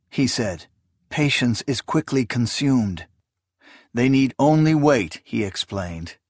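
A man's voice: medium pitch, dry recording, studio quality. Man narrating an epic fantasy audiobook. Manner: measured, steady storytelling delivery.

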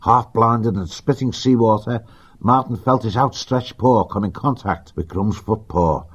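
A man reads an adventure audiobook in a steady, vivid voice. His tone sits low and a bit husky, and the recording sounds dull and lo-fi. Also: a little slow. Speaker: audiobook narrator. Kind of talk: scripted storybook narration.

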